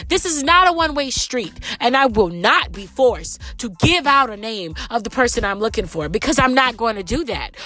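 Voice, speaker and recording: Young woman, rideshare driver, congested from a cold; lively, fairly high voice, cussing and preachy. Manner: profane, emphatic, lecturing. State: stuffy nose from a cold. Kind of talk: casual ranting vlog.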